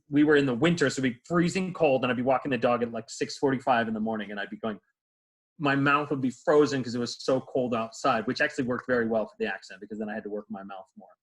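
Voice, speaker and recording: Male stage actor, easygoing and rambling, mid-pitched voice, heard over a video call. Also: fast talker, husky, poor audio. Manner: rambling, many fillers and restarts. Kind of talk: casual interview answers.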